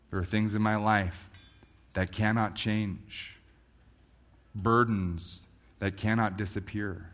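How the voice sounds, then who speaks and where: A man preaching a sermon as a pastor, moving from quiet reflection to loud, fervent emphasis. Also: fairly low pitch, flat delivery, slow, pauses often.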